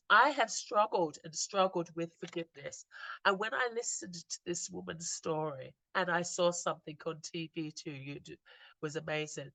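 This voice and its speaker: A woman slowly retelling moving stories in an earnest, reflective talk, often stopping and restarting her sentences. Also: lowish voice, sharp tone, no echo. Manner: earnest, slow storytelling with frequent restarts. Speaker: inspirational speaker.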